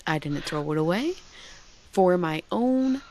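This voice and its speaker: A woman's voice: on the low side, expressive, unhurried, darkish tone, a little hiss or hum. A woman in her forties, a bookstore founder and podcast guest, telling stories animatedly, swearing and acting out quoted dialogue. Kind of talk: casual podcast chat.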